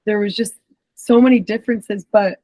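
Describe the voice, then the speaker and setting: A woman's voice: medium pitch, steady tone, normal speed, dark tone, dry recording, poor audio. A young woman co-hosting a podcast, chatting casually and rambling with frequent "like" fillers. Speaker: podcast co-host, former pro soccer player.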